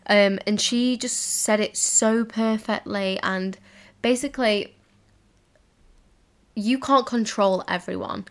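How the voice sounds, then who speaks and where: A woman's voice: medium pitch, a bit bright, smooth. A young woman hosting a casual solo podcast from home, talking in a rambling, giggly way with lots of fillers. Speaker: podcast host. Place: home, indoors, in a cozy room.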